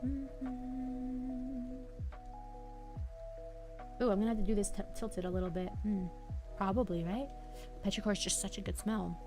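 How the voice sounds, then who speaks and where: Soft-spoken young woman streamer. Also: medium pitch, steady tone, measured pace, long pauses, music in the background. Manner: soft-spoken, mumbling, drifting thoughts. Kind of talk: relaxed live-stream chat. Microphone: headphones half off, desk mic.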